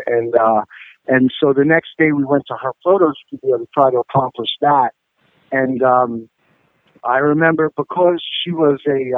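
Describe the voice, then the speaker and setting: A rock musician appears as a guest in a casual interview, his medium-pitched voice coming through tinny phone-line audio on a dry recording. He tells rambling, profane stories packed with fillers.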